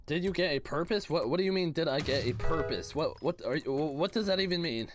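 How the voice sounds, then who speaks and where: A young man from Canada streaming a game live, chatting with viewers in a playful, teasing way and reacting quickly. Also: on the high side, animated, music in the background. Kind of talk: casual live-stream commentary reading chat.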